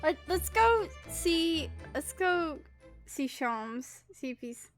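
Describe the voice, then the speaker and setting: A woman's voice: sits high, big pitch swings, takes it slowly. A woman streaming a game live, chatty and self-interrupting as she reads the game text aloud. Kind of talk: live game playthrough commentary. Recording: game music under the voice. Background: game music.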